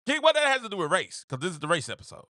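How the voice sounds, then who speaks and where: A man's voice: sits high, sing-song, racing, pushed and bright, no echo, clean studio sound. A man hosting his own show, giving opinionated casual commentary, repeating phrases for emphasis and acting out quotes. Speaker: podcast host.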